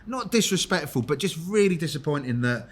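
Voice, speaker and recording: A man's voice: on the high side, animated. A man talking casually on a football fan podcast, chatty and full of fillers and repeated yeahs. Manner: talks fast, with many fillers and repeated yeahs. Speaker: podcast panelist. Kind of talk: casual chat.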